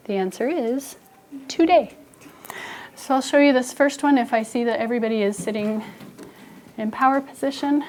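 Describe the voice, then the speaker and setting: A woman teacher leads a phonics lesson in a classroom, her fairly high voice drawing out each sound slowly and deliberately. A faint hiss sits under her voice. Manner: slow, deliberate enunciation.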